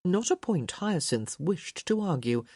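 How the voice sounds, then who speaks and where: A woman narrating an audiobook in an expressive, measured storytelling manner. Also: fairly low pitch, breathy edge, dry recording, clean studio sound. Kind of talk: scripted narration.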